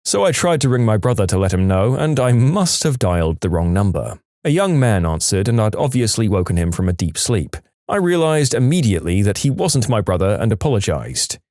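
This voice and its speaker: A man narrating reader-submitted stories in an animated storytelling manner. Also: fairly low pitch, fairly quick, few pauses, no echo, studio quality. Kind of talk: scripted narration.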